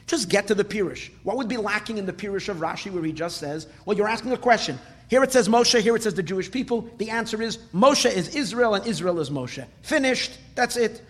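A man's voice: sits high, expressive, a little fast, hardly any pauses, fairly bright tone, big-room sound. A man teaching a Torah class, posing questions and translating phrases as he goes.

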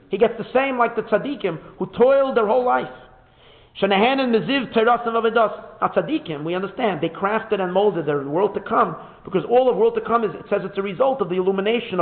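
Guy giving a torah talk, high voice, tinny phone sound, keeps repeating himself and dropping in hebrew. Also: gravelly. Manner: animated, repeats words while searching, mixes Hebrew phrases. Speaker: rabbi teaching a Torah class. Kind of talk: Hasidic Torah lecture.

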